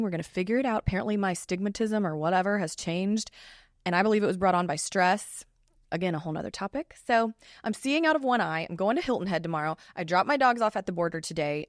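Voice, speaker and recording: A woman, a family law attorney hosting her own podcast in a chatty, animated way. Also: medium pitch, dry recording, clean studio sound. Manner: chatty and animated, with lively asides. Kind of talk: casual solo podcast talk.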